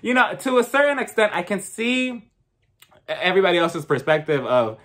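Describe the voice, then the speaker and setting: A man reviewing a reality TV show in a casual, sassy and gossipy way, animated as he retells what happened. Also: sits high, moderate pace. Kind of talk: casual commentary.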